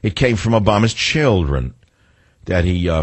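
A man's voice: low-pitched, normal speed, no echo. Older man ranting sarcastically on talk radio. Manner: sarcastic, rambling, animated rants with self-corrections. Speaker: radio talk show host.

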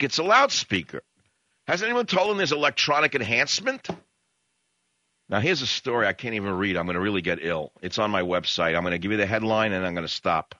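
A combative male talk radio host rants through an opinionated monologue and keeps firing rhetorical questions at the listener. His pitch swings widely and his tone is bright and forceful. The sound is dry and a little dull, like a muffled broadcast studio. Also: lively intonation, fairly quick, no echo.

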